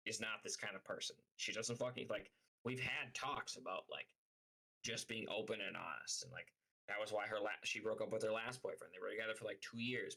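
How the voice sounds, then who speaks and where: A man's voice: fairly low pitch, vocal fry, bright, forceful tone, rough recording. A man streaming live, telling a story as a heated, profane rant full of fillers. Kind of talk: casual livestream rant.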